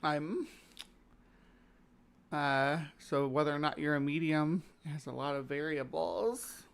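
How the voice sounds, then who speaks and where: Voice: mid-range voice, steady tone, slow, creaky, smooth. Chatty host with a slight Southern twang. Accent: slight Southern Missouri. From Missouri. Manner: rambling, chatty, with many fillers. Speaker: live stream host. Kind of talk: casual chat reacting to videos.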